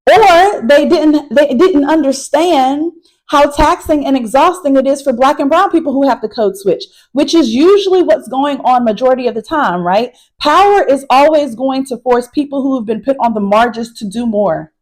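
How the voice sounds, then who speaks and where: A woman's voice: high voice, moderate pace, rough recording. A woman college instructor talking casually to camera from a car, recapping a class and calling her viewers y'all. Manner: addresses viewers as y'all, emphatic and animated. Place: in a parked car.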